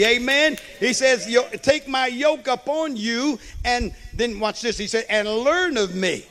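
High-voiced preacher man, emphatic. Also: fairly bright tone. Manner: preaching with call-and-response asides; slow, emphatic delivery with storytelling. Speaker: pastor. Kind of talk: sermon.

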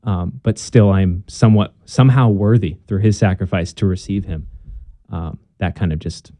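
A man's voice: deep voice, moderate pace, mellow, no room sound. A young man telling his conversion story in a casual interview, earnest and chatty with plenty of fillers and restarts.

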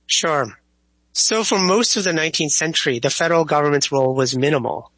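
A man, a history professor, explaining history as an interview guest in a thoughtful, measured way with small restarts. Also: on the high side, expressive, fairly bright tone, dry recording, low-quality recording.

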